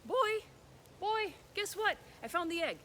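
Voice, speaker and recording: A man's voice: very high-pitched, big pitch swings, moderate pace, bright, forceful tone, slight background noise, exaggerated voice. A man voicing a kind, determined young princess in a folk tale. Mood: eager.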